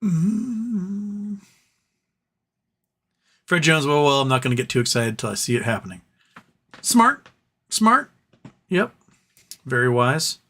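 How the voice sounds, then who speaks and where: A man's voice: on the high side, a little slow, long pauses, fairly bright tone, husky. A man hosting a casual live stream, reading viewer comments aloud and answering them, tired and starting to lose his voice. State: tired, voice wearing out. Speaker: livestream host reading chat.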